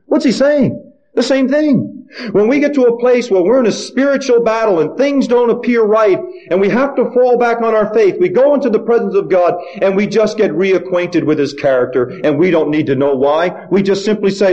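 A man's voice: high voice, lively intonation, moderate pace, darkish tone, lo-fi sound. A male pastor preaching a sermon, asking the congregation questions and acting out the voices of the figures he quotes.

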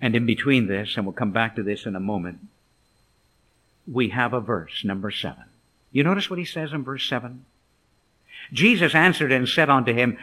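A middle-aged male preacher delivering a sermon in a mid-pitched voice. He tells the story dramatically, slowing for quoted lines, sinking to near-whispers and then building to raised, emphatic peaks. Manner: dramatic storytelling, swinging between soft murmurs and raised emphasis.

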